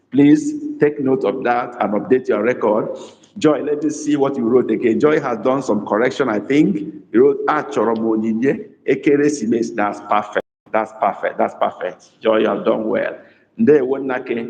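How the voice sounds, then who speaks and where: A man teaching a live online language class, dictating phrases slowly and repeating them, praising students by name. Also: mid-range voice, darkish tone. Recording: echoey room with long reverb.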